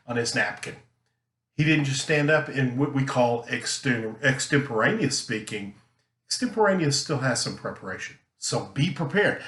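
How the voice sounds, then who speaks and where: A man teaching a recorded lesson, talking earnestly and emphatically, deliberately slowing his delivery. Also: medium pitch, fairly bright tone. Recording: roomy echo.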